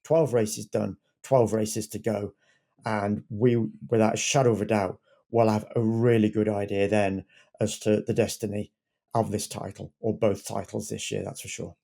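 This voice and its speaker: A man's voice: fairly low pitch, level tone, moderate pace, vocal fry, mellow. A man who is a lead editor and podcast regular, chatting casually and rambling a little with repeated words.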